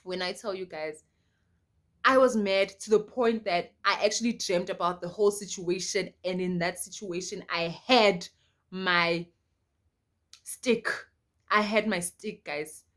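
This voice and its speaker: A young South African woman telling a personal story to her viewers in an animated, emphatic way, repeating lines for effect. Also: mid-range voice, unhurried. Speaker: storytime vlogger. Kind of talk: casual storytelling to camera.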